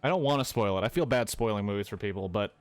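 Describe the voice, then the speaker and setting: A young man casually retelling a movie for laughs, swearing freely and jumping into quick voices for the characters. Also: fairly low pitch, animated, no room sound. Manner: loose and profane, acting out characters in quick quoted voices. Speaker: streamer retelling a film. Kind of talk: casual comedic movie recap.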